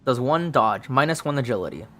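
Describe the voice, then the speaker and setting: A man's voice: medium pitch, lively intonation, fairly quick, a bit bright. A man casually narrating a solo tabletop game, thinking aloud through dice rolls with plenty of ums.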